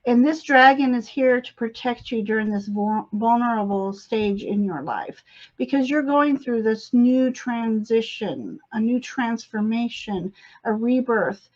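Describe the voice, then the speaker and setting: A woman doing a live spiritual reading on a webcam, in a gentle, encouraging manner. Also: a little high, measured pace, highs cut off. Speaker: psychic reader.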